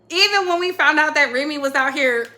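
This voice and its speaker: Casting: young woman host, high bright voice, unhurried and playful. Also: lively intonation, a little hiss or hum. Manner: laughs often, chatty and playful. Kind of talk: casual chat about music.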